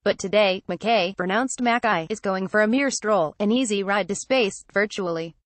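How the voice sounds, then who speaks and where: A woman narrating a news feature, her delivery measured and even as she reads quoted remarks without changing voice. Her pitch sits in an ordinary middle range, and the recording is close and dry with no room sound. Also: no room sound. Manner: even, measured read-through of an article, quotes in the same voice. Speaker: news reader.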